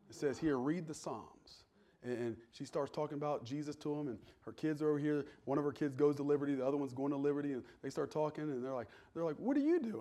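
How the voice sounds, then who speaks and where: A middle-aged male pastor delivering a sermon in a somewhat high voice. He builds to loud, ringing calls to his congregation, then drops into a soft, conversational telling of a personal story. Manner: swings from loud preaching to quiet storytelling.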